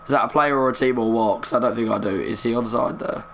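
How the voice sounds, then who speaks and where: A man's voice: mid-range voice, fast talker, creaky, slight background noise. Young man muttering game commentary. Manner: chatty, muttering, bursts of excitement at big moments. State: keeping his voice down. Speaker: gaming streamer. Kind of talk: live gameplay commentary.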